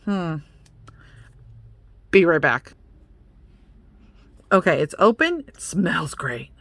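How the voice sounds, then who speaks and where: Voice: medium pitch, fairly bright tone, dry recording. A young adult beauty vlogger in casual unboxing chat, chatty and playful, joking about themself and talking straight to the products. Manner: self-mocking.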